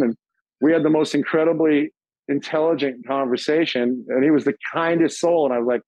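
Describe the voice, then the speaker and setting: A middle-aged man telling stories as an interview guest, casual and profane, acting out quoted voices in a higher pitch. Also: fairly even intonation, brisk, darkish tone, no room sound, muffled recording.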